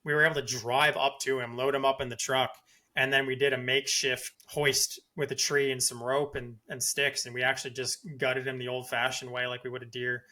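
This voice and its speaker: Bright-voiced man telling a story. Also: mid-range voice, brisk. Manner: excited, lively retelling with many "like"s. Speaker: podcast host. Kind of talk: casual storytelling.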